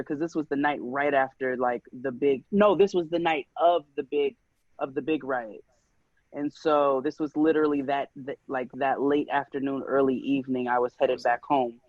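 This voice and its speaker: A man's voice: medium pitch, steady tone, moderate pace, no room sound. A man hosting a podcast, telling a story in an emphatic, heated way. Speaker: podcast host. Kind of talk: casual podcast conversation. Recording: dull lo-fi dry recording.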